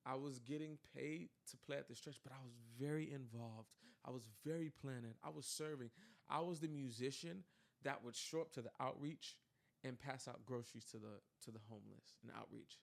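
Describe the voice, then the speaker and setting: A young man telling a personal story in casual chat, animated and full of fillers, acting out quoted dialogue. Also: medium pitch, normal speed, gravelly. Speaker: podcast co-host telling his story.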